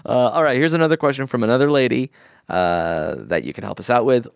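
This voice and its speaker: Lively podcast host, wry and laughing. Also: mid-range voice, fairly quick, creaky, clear, resonant tone, dry recording, clean studio sound. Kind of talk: casual chat, reading listener letters.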